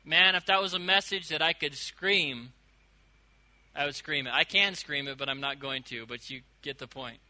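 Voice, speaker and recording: A man delivers a sermon in a high, very bright voice. He preaches with animation, swinging between loud emphasis and quiet asides. He stretches out quoted lines slowly. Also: low-quality recording. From United States. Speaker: pastor.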